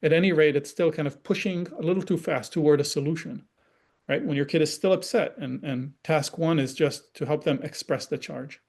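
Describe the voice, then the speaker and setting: A man's voice: on the high side, a little fast, darkish tone. A man explaining parenting ideas in a conversational online talk, often checking in with the listener and acting out example dialogue. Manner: acts out example dialogue in changed voices. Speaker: parenting educator and forum guest.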